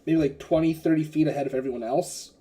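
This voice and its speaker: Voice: medium pitch, fairly even intonation, fast, mellow. A game master narrating a tabletop game casually, rambling with many fillers.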